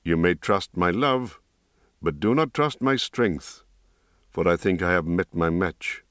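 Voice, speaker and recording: A man voicing a wise, grave middle-aged mage in an audiobook, speaking in a low, measured way. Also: animated, fairly bright tone, no room sound, studio quality. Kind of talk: audiobook reading.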